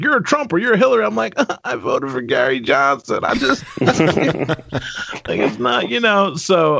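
An American man co-hosting a podcast over a remote link, animated and rambling, often repeating himself. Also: medium pitch, no room sound. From United States. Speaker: podcast co-host. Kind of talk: casual panel chat. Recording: dull, dry remote audio.

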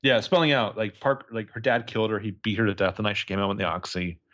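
A man co-hosting a casual podcast recap of a novel, animated and swooping into high voices when quoting characters. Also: fast, no echo, muffled recording. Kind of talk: casual chat.

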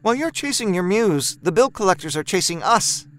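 A worried wife pressing hard about unpaid bills, voiced by a male narrator. She sounds anxious and reproachful, pitched well above his natural voice with a smooth, clean tone. It is a horror audiobook read by one storyteller. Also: lively intonation, brisk, a bit bright. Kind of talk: audiobook dialogue reading.

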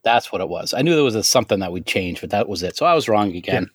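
A man's voice: on the low side, animated, fast, breathy edge, no room sound. A man co-hosting a podcast, self-deprecating and jokey in casual banter. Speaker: podcast co-host.

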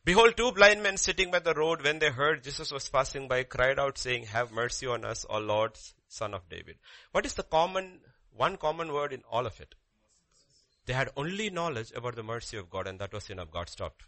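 A man preaching a sermon, animated, with sudden jumps up in pitch and drops into quiet, intense passages. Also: a little fast. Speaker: pastor.

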